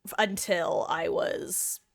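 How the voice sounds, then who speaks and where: Low-pitched and gravelly, this young woman from Southern California takes her time as she talks. On stream she chats with viewers in a casual, wandering, self-mocking way, dropping swear words along the way. The recording is dry.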